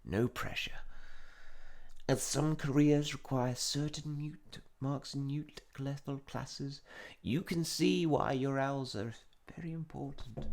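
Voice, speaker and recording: A man voicing an elderly male wizard examiner who speaks in a formal, measured way and sometimes drops to a whisper, as he reads game dialogue aloud. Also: medium pitch, voice pushed up, lightly acted.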